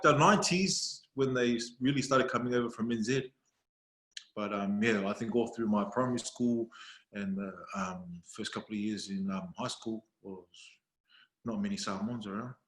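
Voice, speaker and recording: An Australian man with a mid-range voice chats casually as a podcast guest, a video creator telling stories and laughing along the way. He quotes other people in animated voices, and the recording is reverberant.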